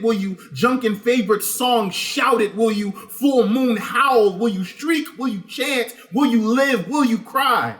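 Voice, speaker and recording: A man reading his own poems in a rhythmic spoken word style that builds to loud, impassioned lines. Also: high-pitched. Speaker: poet reading his work.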